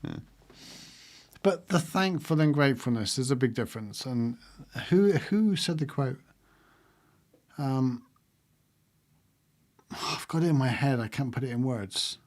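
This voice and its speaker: A man's voice: medium pitch, lively intonation, a little slow, pauses often, darkish tone. Man, casual livestream host, reflective, rambling, laughs a lot. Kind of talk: casual livestream talk to viewers.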